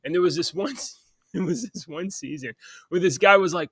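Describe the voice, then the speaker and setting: A man's voice: high voice, brisk, fairly bright tone, breathy edge, dry recording, clean studio sound. A man hosting a podcast, upbeat and rambling in casual chat with lots of fillers. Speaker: podcast host.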